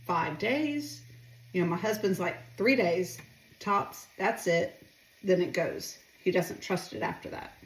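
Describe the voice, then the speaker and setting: Chatty middle-aged woman in an echoey kitchen. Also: mid-range voice. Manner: rambling, talkative, asks viewers questions. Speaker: home cooking vlogger. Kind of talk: casual chatty cooking vlog. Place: home kitchen.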